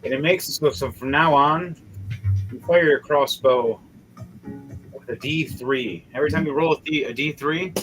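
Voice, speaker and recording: A man's voice: fairly high pitch, normal speed, fairly bright tone, poor audio. Casting: male game master, crude jokes, stumbles over his words, music behind. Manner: crude joking, stumbling restarts. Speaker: dungeon master. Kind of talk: narrating a tabletop game.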